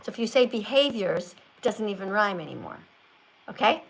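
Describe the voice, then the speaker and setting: A woman's voice: mid-range voice, lively intonation, fairly quick, creaky, husky, rough recording. An older woman hosting a live stream, talking like a strict teacher who corrects and lectures. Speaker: livestream host.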